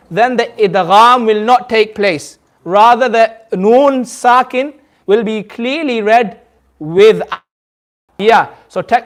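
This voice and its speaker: A man teaching a Quran recitation class in a community centre, leading call-and-response drills. He patiently repeats rules and draws recited words out slowly. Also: high voice, a bit bright.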